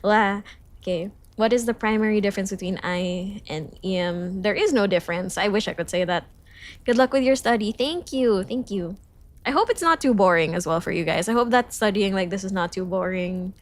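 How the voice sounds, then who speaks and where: Young woman streamer from the Philippines, mid-pitch voice, reads study notes aloud, chirpy asides to chat, a bit self-conscious. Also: brisk. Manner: reads lessons aloud, then jumps to high cheerful greetings to chat. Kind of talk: casual study livestream, reading notes aloud.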